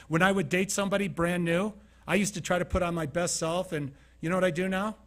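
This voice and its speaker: Speaking at a quick pace, the man's high-pitched voice keeps a fairly even intonation. He is a keynote speaker from Utah giving a motivational talk, telling stories conversationally, asking the audience questions, and acting out scenes.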